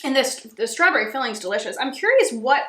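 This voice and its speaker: A woman's voice: high voice, big pitch swings, brisk, sharp tone. A woman in her thirties with a Rhode Island accent, hosting a casual food taste test, bubbly and giggly. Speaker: cooking channel host. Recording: echoey room.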